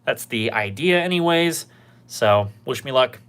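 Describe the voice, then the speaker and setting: A man hosting a casual livestream about computer gear, talking in a rambling, relaxed way with lots of filler words. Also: medium pitch, measured pace, clear, resonant tone. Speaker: livestream host.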